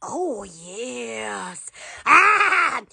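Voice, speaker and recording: A woman's voice: a little high, big pitch swings, very slow, creaky, pushed and bright, slightly rough. A woman chatting on a live stream, laughing a lot and crying out "oh, yes" over and over. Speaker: online shop owner on a live stream. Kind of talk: excited casual live stream chat.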